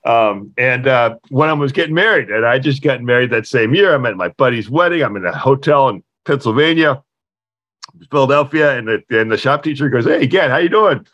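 A middle-aged man, a furniture company owner and podcast guest, telling an anecdote in a halting way, full of fillers and restarts. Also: lively intonation, a bit bright, dry recording, dull audio. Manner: halting, many fillers and restarts, acts out quoted voices in a higher pitch. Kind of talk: anecdotal storytelling in an interview.

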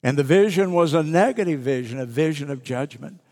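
A man's voice: a little high, expressive, a little fast, darkish tone. Man preaching in a reverberant sanctuary. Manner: preaching, reading scripture aloud and explaining it. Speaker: pastor. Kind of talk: sermon. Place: church sanctuary.

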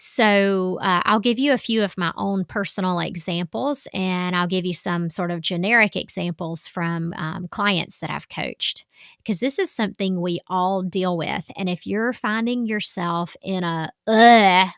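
A woman's voice: on the low side, unhurried, creaky, fairly bright tone, no room sound, studio quality. A woman in her forties with a Southern US accent, a life coach talking candidly and self-deprecatingly to viewers, with plenty of fillers. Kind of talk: casual talk to camera.

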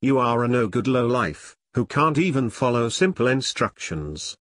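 A man voicing a harsh, bullying male demon henchman with a rusty voice who yells threats. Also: medium pitch, very animated, normal speed, no echo, clean studio sound. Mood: threatening. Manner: yelling threats.

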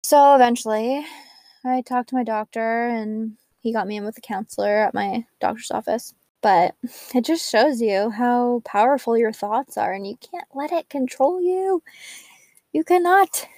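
Speaking unhurriedly in a fairly high, darkish voice, a young woman recounts her recovery in a chatty, upbeat way with plenty of "like" fillers. The studio-quality audio has no room sound.

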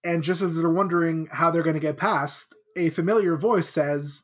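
Recapping a book chapter on her podcast, this co-host speaks at a moderate pace in a medium pitch. She's casual and animated, voicing the characters' lines as quotes.

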